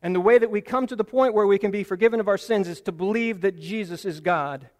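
A man's voice: sits high, quick pace, darkish tone, long reverb tail. A man preaching a Bible teaching sermon, earnest and explanatory, leaning on key phrases for emphasis.

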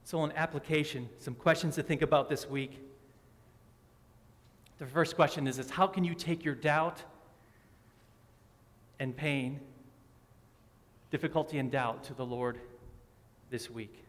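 This man's voice is on the high side and fairly bright as he preaches, a little slow and pausing often. Acting as pastor, he asks rhetorical questions and repeats phrases for emphasis, while a large hall's long reverb fills the recording.

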